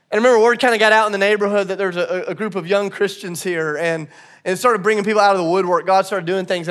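High-voiced pastor telling a story. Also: male voice, a bit bright. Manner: storytelling with humor, building to an impassioned repeated refrain. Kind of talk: sermon.

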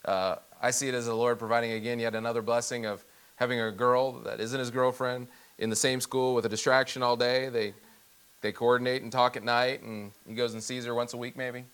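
A man in his forties, a pastor, sharing family prayer requests in an earnest, halting way. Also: mid-range voice, little pitch movement, fairly bright tone, smooth. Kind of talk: personal testimony and prayer requests.

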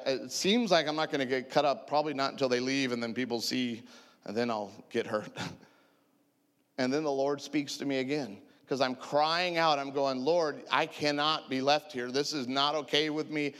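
A man in his forties preaching through a humorous personal story, animated and self-mocking, laughing often. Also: medium pitch, long reverb tail. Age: 40s. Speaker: preacher sharing testimony.

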